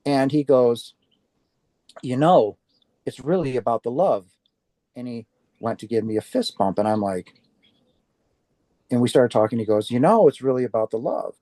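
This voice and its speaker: A man with a mellow, warm voice tells his story as an interview guest, animating the back-and-forth and stumbling into quick restarts. The sound is close and dry, with no room around it. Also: mid-range voice, no room sound. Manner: animated, acts out quoted dialogue with restarts. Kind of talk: casual storytelling.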